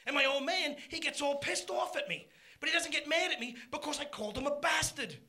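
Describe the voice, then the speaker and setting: A middle-aged man doing a live stand-up routine, punchy and loud, shouting his punchlines. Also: extremely high pitch, a little fast, faint music behind. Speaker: stand-up comedian.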